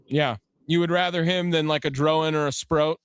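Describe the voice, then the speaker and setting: A man's voice: on the high side, steady tone, normal speed, clean tone, no room sound. A man hosting a call-in sports radio show from a studio, upbeat and chatty with callers. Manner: upbeat, keeps calling the caller by nickname. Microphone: studio microphone.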